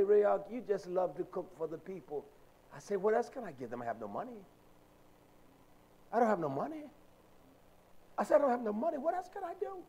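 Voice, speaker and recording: A man's voice: sits high, darkish tone, poor audio. A man preaching a sermon with an emphatic, repetitive cadence.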